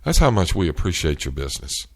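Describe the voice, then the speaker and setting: A man hosting a show, telling an animated, exasperated story in casual chat. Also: low-pitched, fast talker. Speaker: show host. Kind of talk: storytelling rant.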